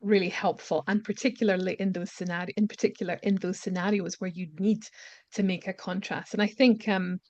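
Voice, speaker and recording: A woman's voice: medium pitch, level tone, brisk, a little mellow, dry recording, muffled recording. A woman teaching pronunciation on a webinar panel, thinking aloud with restarts as she explains. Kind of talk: webinar discussion.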